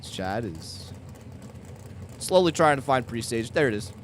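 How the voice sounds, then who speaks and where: A man calling drag races outdoors at the track in a steady, matter-of-fact way. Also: medium pitch, measured pace, a little hiss or hum. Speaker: drag race announcer. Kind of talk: live race commentary. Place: outdoors at a racetrack.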